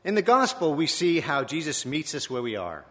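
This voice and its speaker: A man from Virginia gives a sermon in a church. He talks in a reflective, conversational way and corrects himself as he goes, with a bright, forceful tone and lively swings in pitch. His voice carries a long reverb. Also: normal speed. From Virginia, USA. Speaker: preacher.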